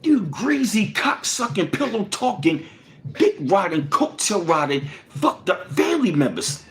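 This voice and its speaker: A man hosting a livestream, ranting angrily and profanely with lots of repetition, swinging between loud bursts and low mutters. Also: very animated, measured pace. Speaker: livestream host.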